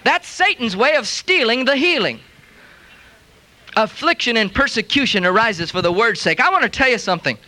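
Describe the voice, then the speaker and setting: A middle-aged man preaching a sermon as pastor, animated, acting out the voices of other people as he tells stories. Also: very high-pitched, moderate pace.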